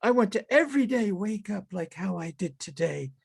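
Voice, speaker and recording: A man reading his own fiction aloud over a video call as a halting, musing first-person character monologue. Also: sits high, expressive, creaky, husky. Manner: halting, musing, talks to animals and people in the scene.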